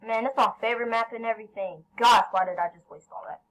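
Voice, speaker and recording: A woman commentating her own gameplay, excitable, yelling at teammates and then apologizing. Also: a little high, fast talker, low-quality recording. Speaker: gaming channel host.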